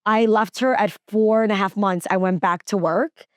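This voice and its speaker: A woman's voice: medium pitch, fairly even intonation, normal speed, no room sound, studio quality. A woman guest, a working mom and TV reporter, telling personal stories in a casual podcast chat, earnest and full of "like" fillers and restarts.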